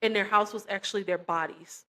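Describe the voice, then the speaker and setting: A woman's voice: medium pitch, fairly even intonation, a little fast, bright, forceful tone. A young woman giving a casual spoken faith testimony, full of fillers and acting out quoted dialogue as she tells the story. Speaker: testimony speaker.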